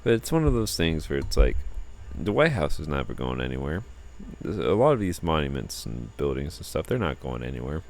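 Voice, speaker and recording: Man, very low voice, gravelly, tired, rambling casual vlog talk. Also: big pitch swings, brisk, hardly any pauses, a little mellow. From United States. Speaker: vlogger.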